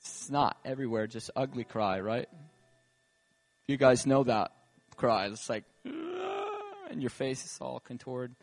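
A man preaching a sermon and telling a personal story, moving between loud emphatic calls and quiet, tender narration. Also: medium pitch, a little slow. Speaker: pastor. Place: church gathering.

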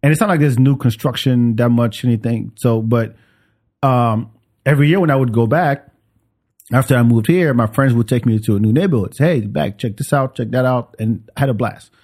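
Animated man telling a story. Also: medium pitch, fairly quick. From France. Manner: animated, acts out voices in his stories. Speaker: podcast host. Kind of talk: casual storytelling chat.

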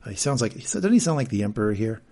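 A man's voice: lowish voice, big pitch swings, rapid-fire, gravelly, warm tone. A man co-hosting a podcast, recapping a TV episode in casual joking chat and reading quotes in mock voices. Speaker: podcast co-host.

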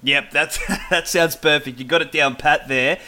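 An Australian man from New South Wales, interviewing in a relaxed chat with plenty of hesitant fillers. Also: fairly high pitch, normal speed. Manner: easygoing, hesitant with many "uh" fillers. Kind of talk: casual chat.

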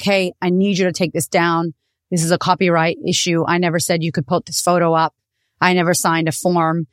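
A woman podcast host with a lower voice tells her own story in a candid, animated way. Her speech is close to the mic with a dry sound and no room echo. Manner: candid, animated, swears freely. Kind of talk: personal storytelling monologue.

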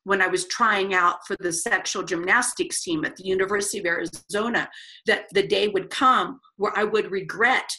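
A middle-aged woman telling her life story as a podcast guest, animated and acting out the voices of people she quotes. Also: medium pitch, normal speed. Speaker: guest speaker.

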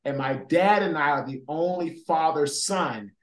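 Male interview guest, animated storyteller, slightly high pitch, recorded with room echo. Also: a little slow. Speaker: guest, former pro football player. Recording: roomy echo.

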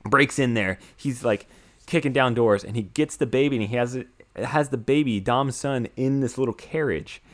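An American man in his young adult years talks through a movie plot in loose, casual chat. He rambles with plenty of "like" fillers and restarts, at an ordinary mid pitch. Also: moderate pace. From United States.

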